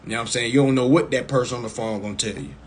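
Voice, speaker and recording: A man coaching viewers in a casual live stream over a phone mic, blunt and profane, repeating himself and breaking into loud, emphatic bursts. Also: mid-range voice, fairly even intonation, racing, a little hiss or hum.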